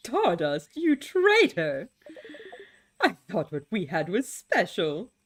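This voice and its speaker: A woman's voice: lowish voice, big pitch swings, a little slow, slight background noise. A woman reading aloud the lines of a mocking, theatrical star-like being in a video game, with a dramatic, taunting delivery. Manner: dramatic, taunting, mock-wounded.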